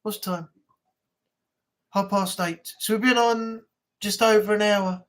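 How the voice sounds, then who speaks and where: A livestream host with a broad northern English accent chats casually to viewers. The talk rambles, with repeated words and plenty of fillers. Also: medium pitch. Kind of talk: casual live chat.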